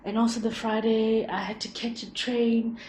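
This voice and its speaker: A woman's voice: on the high side, little pitch movement, moderate pace, background noise. A young woman talking casually on her podcast, chatty and laughing often, with lots of restarts. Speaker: podcast host. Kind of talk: casual personal monologue. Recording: echoey room.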